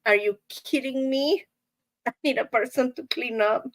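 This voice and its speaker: A woman's voice: high-pitched, unhurried, no room sound. A middle-aged woman, hosting a weekly live show and chatting casually with viewers, laughing between nearly every line.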